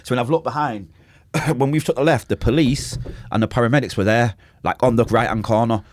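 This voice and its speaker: Fairly quick and medium-pitched, this man from Manchester, England, comes through with a little hiss or hum. He's a podcast guest sharing his story in a relaxed interview, vividly acting out quotes and gunshot sounds, full of street slang and sworn oaths.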